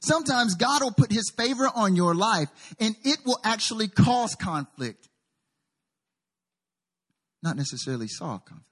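A man pastor preaching a sermon, animated, with call-and-response to the congregation and story-telling asides. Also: sits high, normal speed, pauses often, slightly rough.

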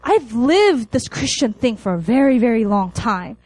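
Young woman, sermon to students, high voice, lively swooping pitch, animated storytelling. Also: moderate pace, low-quality recording. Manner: animated storytelling with laughs and acted-out lines. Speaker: preacher.

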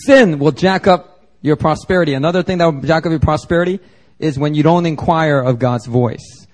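A pastor from Philadelphia preaching a sermon to a congregation, emphatic and conversational, with slangy asides. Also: male voice, on the high side, moderate pace, a little mellow. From Philadelphia, United States. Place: church service before a congregation.

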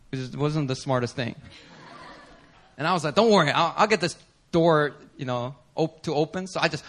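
Animated bright-voiced male pastor. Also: a little high. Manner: animated storytelling with laughter and shouts. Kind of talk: sermon with storytelling. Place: church service.

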